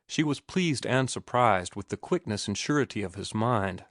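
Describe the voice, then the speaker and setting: A man narrating a classic novel in an even, measured reading. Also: fairly low pitch, no room sound, clean studio sound. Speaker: audiobook narrator. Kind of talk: scripted narration.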